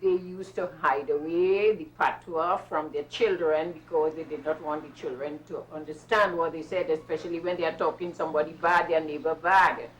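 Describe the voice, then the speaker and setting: An older woman with a Trinidadian accent, a carnival masquerader telling her own story in a lively, emphatic way. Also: deep voice, normal speed, few pauses, slight background noise, rough recording. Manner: lively, emphatic, with bursts of patois. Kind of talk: personal storytelling.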